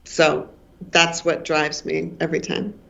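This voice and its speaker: Sixty-something woman author, slow thoughtful answers, kinda muffled lo-fi sound. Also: sits low, monotone, creaky, a bit bright. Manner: thoughtful, repeats words while searching for phrasing. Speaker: novelist guest. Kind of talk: reflective interview answers. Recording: dull lo-fi remote audio.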